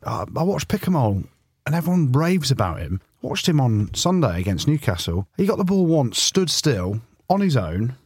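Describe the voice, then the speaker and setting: A man co-hosting a casual chat podcast, teasing his partner and laying out firm opinions. His voice sits at a middle pitch in a dry, close recording. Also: very animated, moderate pace, darkish tone, slightly rough, no room sound. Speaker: podcast co-host. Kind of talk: casual banter.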